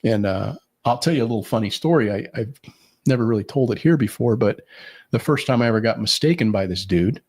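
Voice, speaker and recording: A man's voice: mid-range voice, lively intonation, fairly quick, darkish tone, breathy edge. A man co-hosting a podcast, telling rambling stories with many fillers in casual chat. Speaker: podcast co-host.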